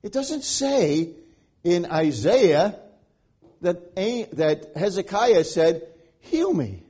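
A man preaching a sermon, swinging between loud pleading passages and hushed, quiet stretches. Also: high voice, lively intonation, drawn-out words, husky.

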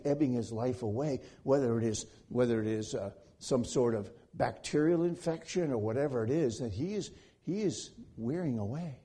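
A man preaching a sermon, swinging between loud pleading passages and hushed, quiet stretches. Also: medium pitch, slightly rough.

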